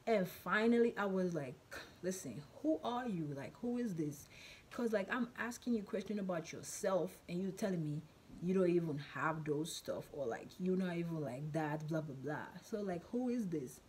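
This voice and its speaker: Chatty woman telling a storytime, low voice. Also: moderate pace, darkish tone, slight background noise. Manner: chatty, rambling, many fillers and repeats. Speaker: vlogger. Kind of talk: casual storytime.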